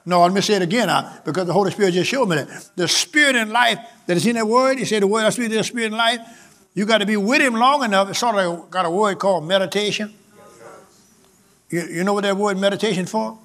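Preacher guy, pretty high voice, repeats himself a lot and keeps calling out to the church. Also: fast talker, fairly bright tone. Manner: preaching with swelling emphasis and repetition, calling out to the congregation. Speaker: pastor. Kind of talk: sermon.

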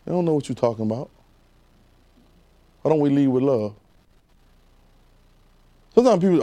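A man preaching a conversational sermon, animated and repetitive, firing rhetorical questions at his congregation. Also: medium pitch, moderate pace, long pauses.

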